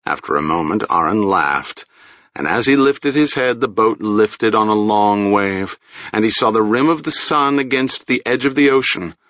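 A man narrating a fantasy novel in a measured, deliberate way. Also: fairly low pitch, pushed and bright, no room sound, muffled recording. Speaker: audiobook narrator.

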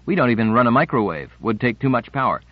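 A man's voice: mid-range voice, sing-song, fast, dry recording. A young guide , as a male narrator reads him, addresses a group with wry, mock-apologetic politeness. The audiobook recording is dry and slightly muffled.

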